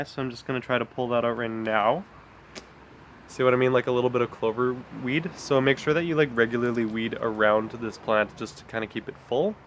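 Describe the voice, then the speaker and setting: There's slight background noise as this gardening vlogger chats about plants outdoors in his backyard. His voice sits at medium pitch with a fairly bright tone, and his talk is casual and rambling, full of fillers and friendly asides.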